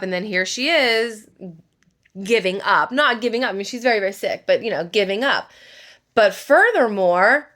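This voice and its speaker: A woman vlogger chats through a novel's story as she does her makeup. She talks quickly and loosely, packing her sentences with fillers and asides to the viewer. Her voice sits at an ordinary middle pitch. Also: fairly bright tone. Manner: chatty, fast, full of fillers like "like" and "you know". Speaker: book vlogger. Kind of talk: casual book retelling while doing makeup.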